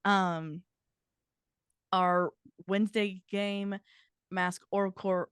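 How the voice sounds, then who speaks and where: Female tabletop GM, unhurried chatty intro, clean dry sound. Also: medium pitch, steady tone, clear, resonant tone, no room sound. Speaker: tabletop player and game master. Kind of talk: casual stream introduction.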